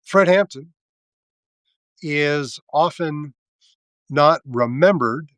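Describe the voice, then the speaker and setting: A man hosting a live video, delivering a sardonic, halting political monologue full of fillers and restarts. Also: fairly high pitch, a bit bright, no echo. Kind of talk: casual political commentary monologue.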